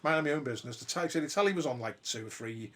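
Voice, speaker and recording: A man's voice: medium pitch, lively intonation, very fast, fairly bright tone. A man, hosting a podcast and telling a ghost story in a casual, sweary way. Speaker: podcast host.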